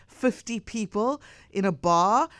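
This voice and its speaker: High-voiced male radio co-host. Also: expressive, takes it slowly, fairly bright tone, no echo. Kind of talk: radio interview.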